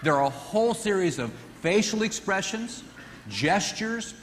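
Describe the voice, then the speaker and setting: A man teaching a marriage seminar in an animated way, often acting out what spouses say. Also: sits high, a little slow, a little hiss or hum. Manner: animated, acts out quoted voices. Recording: echoey hall with long reverb.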